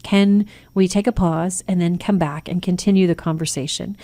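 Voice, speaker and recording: A woman's voice: on the low side, fairly even intonation, normal speed, mellow. An American woman hosting a Christian radio show, giving earnest parenting advice and acting out sample phrases. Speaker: radio host, nurse practitioner.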